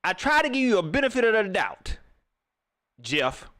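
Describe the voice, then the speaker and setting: A man's voice: high-pitched, sing-song, normal speed, sharp tone, no room sound, studio quality. A young man hosting a live postgame stream. He vents in heated, slangy talk, repeating himself and mocking the quotes he reacts to. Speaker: livestream host.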